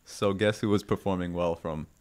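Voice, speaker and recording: A man co-hosting a podcast in casual chat, teasing and excitable. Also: normal speed. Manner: excitable, teasing, pitch jumps when excited. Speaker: esports podcast co-host.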